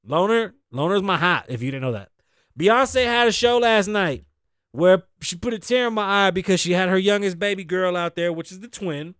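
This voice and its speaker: A man's voice: high voice, normal speed, fairly bright tone, clear, resonant tone, no room sound, studio quality. A man hosting a talk show, delivering a loose, joking monologue full of profanity and asides. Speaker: host. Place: studio.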